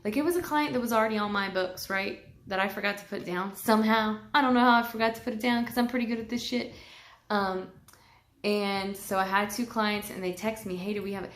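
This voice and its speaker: A vlogger speaks openly about personal matters, cursing freely and sometimes tearing up. Her medium-pitched voice is steady and brisk, recorded in an echoey room.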